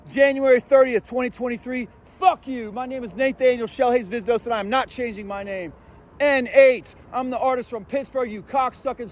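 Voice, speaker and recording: A man filming his own vlog outdoors on a city street, ranting at someone in a profane, confrontational way. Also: very high-pitched. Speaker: vlogger. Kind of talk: angry street rant.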